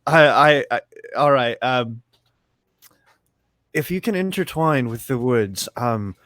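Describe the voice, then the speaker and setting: A man playing a tabletop game, stammering and halting between ideas. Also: medium pitch, animated, a bit bright, no echo. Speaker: player.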